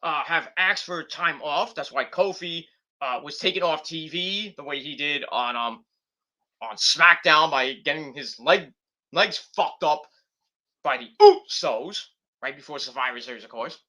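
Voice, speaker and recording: A man hosting a loose late-night podcast. His fairly high, bright voice swings widely in pitch as he rambles. He swears freely and fills gaps with ums and uhs. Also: lively intonation, unhurried. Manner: rambling, profane, many fillers. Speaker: podcast host. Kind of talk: casual late-night wrestling chat.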